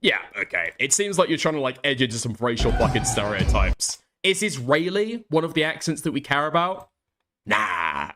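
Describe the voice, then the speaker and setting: A man's voice: medium pitch, moderate pace, background noise. A man co-hosting a commentary show, ranting casually with frequent swearing. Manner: heavy swearing, animated ranting. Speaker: co-host. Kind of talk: casual opinionated chat.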